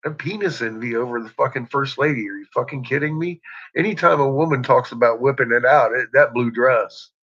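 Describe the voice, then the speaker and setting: A man's voice: medium pitch, fairly quick, fairly bright tone, slightly rough. A man in casual chat who keeps breaking into laughter, with a crude, profane manner. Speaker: podcast host. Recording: dull lo-fi recording.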